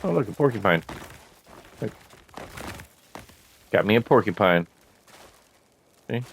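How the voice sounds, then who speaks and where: Low-voiced man with casual game commentary. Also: slow pace, vocal fry, slight background noise. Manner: profane, laughing, excitable. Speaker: gamer showing a game.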